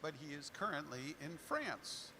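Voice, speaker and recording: A man's voice: a little high, sing-song, measured pace, a crowd in the background. A man on a convention panel giving dry, evasive, teasing answers. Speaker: panel guest. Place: convention hall stage. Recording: reverberant hall with faint noise.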